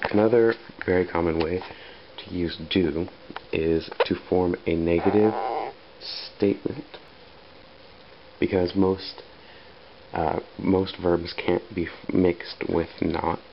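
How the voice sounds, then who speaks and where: A man teaching an English grammar lesson, speaking unhurriedly with pauses and fillers. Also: low-pitched, fairly even intonation, creaky. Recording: dull lo-fi sound with faint background hiss.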